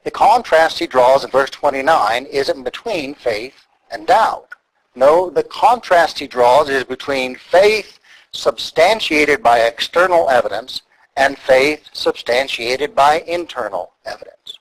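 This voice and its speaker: A man preaching an expository sermon, deliberate and emphatic as he walks through the text. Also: medium pitch, animated, low-quality recording. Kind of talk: sermon teaching.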